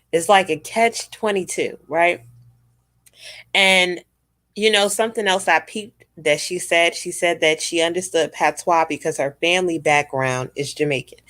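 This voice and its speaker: A woman rants to her viewers in a blunt, emphatic way and swears freely. Her voice sits a little low, and the recording is dry and close with no room sound. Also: fairly bright tone, no room sound. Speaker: commentary vlogger. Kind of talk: casual rant to viewers.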